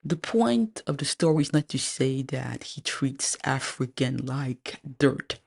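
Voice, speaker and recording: Woman lawyer, measured slow testimony, some vocal fry, pauses often. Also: a bass voice, expressive, darkish tone. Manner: measured, deliberate, with frequent pauses and fillers. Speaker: lawyer recounting a personal legal dispute. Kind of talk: personal testimony, spoken slowly with pauses.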